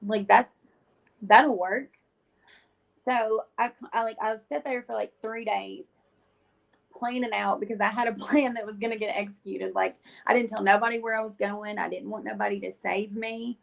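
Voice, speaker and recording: A woman's voice: mid-range voice, fairly even intonation, moderate pace, creaky. A woman, a guest in an interview, telling her personal testimony in a blunt, slangy and emotional way.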